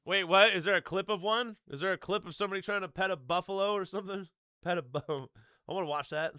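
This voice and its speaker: A man's voice: sits high, fast talker, bright, forceful tone, clean tone, dry recording, clean studio sound. A man streaming a video game, chatting casually in a rambling, laid-back way full of "like" and "dude". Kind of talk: casual stream chat while gaming.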